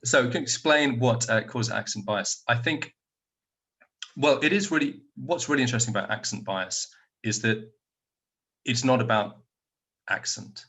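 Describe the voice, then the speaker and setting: A man's voice: mid-range voice, normal speed, long pauses, bright, forceful tone. A man speaking at an online conference, answering audience questions over a video call from home in a thoughtful, explanatory way.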